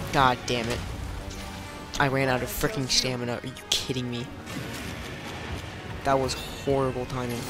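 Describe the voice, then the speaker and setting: A man commentating his own gameplay, swinging between muttered complaints and panicked, swearing yells. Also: medium pitch, monotone, unhurried, pauses often. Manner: panicky, yelling, swearing outbursts. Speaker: let's play gamer. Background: game music.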